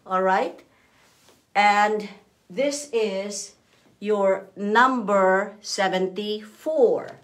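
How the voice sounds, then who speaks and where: Brief: woman seller, unhurried and deliberate, patient show-and-tell instructions for shawls. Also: mid-range voice. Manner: slow, patient step-by-step instructions. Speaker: seller showing scarves. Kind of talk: live product demonstration.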